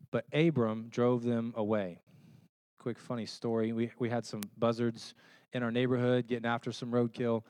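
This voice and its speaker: A man's voice: mid-range voice, no echo. Conversational man preaching a sermon. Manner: conversational, checks in with listeners through rhetorical questions; animated storytelling with homey illustrations. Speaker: pastor.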